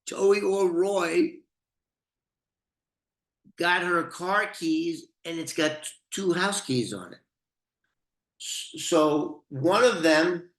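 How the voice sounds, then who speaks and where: Older male storyteller, unhurried, foul-mouthed, bright and echoey. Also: high voice. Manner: profane, rambling, laughs often. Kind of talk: casual storytelling. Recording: roomy echo.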